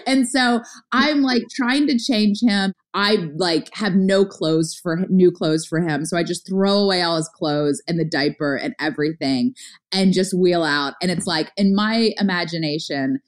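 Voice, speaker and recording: A middle-aged woman telling a story in casual conversation, talking fast with lots of filler words and acting out what people said. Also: fairly low pitch. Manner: fast, chatty, lots of "like" fillers, acts out her own past lines. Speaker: guest, startup founder.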